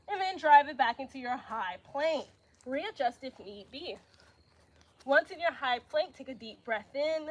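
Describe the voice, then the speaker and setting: A young woman yoga instructor, slightly out of breath, giving calm breathing cues with casual slang asides. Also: high voice. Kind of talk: live yoga class instruction.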